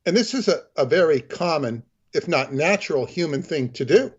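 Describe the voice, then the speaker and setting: A man co-hosting a talk show, commenting in a measured, halting way with frequent pauses and ums, heard over a dull, lo-fi line. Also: a little high, animated, slightly rough. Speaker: co-host. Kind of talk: discursive commentary.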